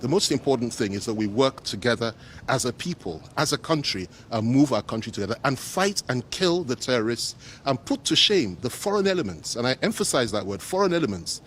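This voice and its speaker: A Nigerian politician, a man, answering reporters in a measured, emphatic way and repeating his key phrases. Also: medium pitch, slight background noise. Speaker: politician speaking to the press. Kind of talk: press statement answering reporters.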